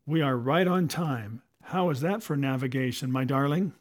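A man's voice: medium pitch, normal speed, lightly acted. A man playing a skilled, confident sailor captaining a yacht, speaking in a raised, commanding voice. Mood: proud.

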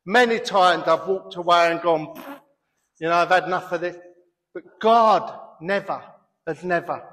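High-pitched guy preaching, jokey voices, big reverb. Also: unhurried. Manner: animated, switching between preaching and comic voices. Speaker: pastor. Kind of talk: sermon. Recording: long hall reverb.

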